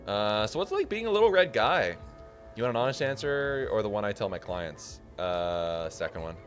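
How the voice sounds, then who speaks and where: A man's voice: lowish voice, big pitch swings, normal speed. A man streaming a game, talking casually, joking, muttering and swearing to himself while he plays. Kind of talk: casual gaming commentary. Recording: game music behind.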